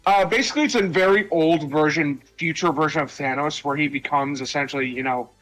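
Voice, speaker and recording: A man's voice: on the high side, a little fast, a bit bright, faint music behind, poor audio. A man casually telling a story with a lot of fillers and restarts. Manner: rambling, lots of fillers.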